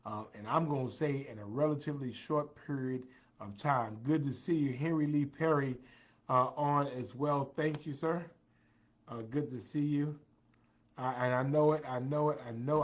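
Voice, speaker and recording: A tired man chats on a livestream at a mid pitch and thanks viewers one by one. He leans on repetition, circling back to the same few phrases. The audio is dull and lo-fi. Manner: greets viewers by name, repeats phrases. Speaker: livestream host. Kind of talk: casual livestream chat.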